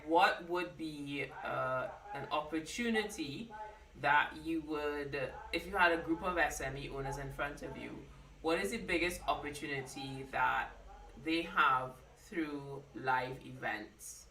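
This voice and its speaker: A woman from Trinidad and Tobago hosting a live show, asking questions in a measured, polite way and signing off upbeat. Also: low voice, pushed and bright, distant mic. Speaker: host. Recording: echoey room, a bit off mic.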